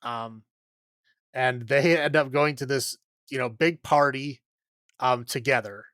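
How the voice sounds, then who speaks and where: A man's voice: mid-range voice, takes it slowly, fairly bright tone, no room sound, clean studio sound. A man hosting a podcast, recapping a film in a casual, rambling way full of fillers and frequent laughs. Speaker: podcast host.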